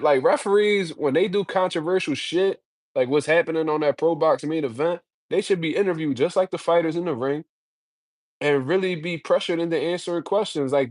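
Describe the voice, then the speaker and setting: Male solo commentator with a slightly high voice. Slangy, profane, heated. Dry close-mic sound. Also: darkish tone, dry recording. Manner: blunt, slangy, heated ranting. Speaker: boxing commentator.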